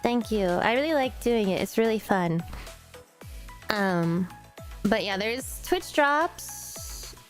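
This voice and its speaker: A woman's voice: mid-range voice, animated, slow, pauses often, faint music behind. A young woman streaming a game and reading its story aloud, chatting in an emotional, effusive way and repeating herself often. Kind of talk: casual live-stream chat.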